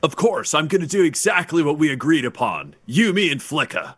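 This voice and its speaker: A man's voice: a little high, big pitch swings, brisk, a bit bright, voice pushed up. Man playing a sly, overly agreeable tourist.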